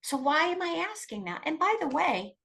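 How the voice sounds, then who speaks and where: A woman's voice: sits high, sing-song, normal speed, creaky, a bit bright. A middle-aged woman, a guest expert, talking emphatically and animatedly in a conversational interview, often restarting her sentences. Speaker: guest expert on coercive control.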